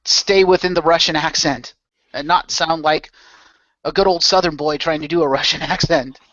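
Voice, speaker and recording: A man's voice: on the high side, fairly even intonation, moderate pace, fairly bright tone, dry recording. A man co-hosting a casual podcast, talking with enthusiasm and laughing. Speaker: podcast co-host. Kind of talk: casual chat. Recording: dull dry lo-fi recording.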